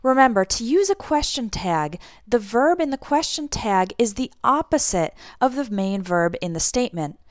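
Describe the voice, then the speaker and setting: A woman explaining grammar in a clear, deliberate teaching voice, her pitch rising and falling in a lively way as she models intonation. Her voice sits at a middle pitch and sounds close and dry, with no room echo. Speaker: English teacher. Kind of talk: scripted language lesson.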